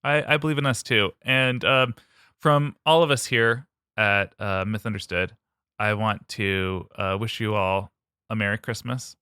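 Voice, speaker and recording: A podcast co-host from the United States with a lowish, bright, forceful voice. He rambles through many fillers and restarts, laughing often in loose casual chat. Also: steady tone, unhurried, clean tone, no echo, clean studio sound.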